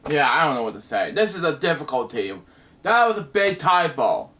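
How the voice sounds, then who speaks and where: A man reviewing comic books out loud, halting and restarting, with exasperated asides. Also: on the high side, big pitch swings. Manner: halting, with many fillers and restarts. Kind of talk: casual reading and commentary.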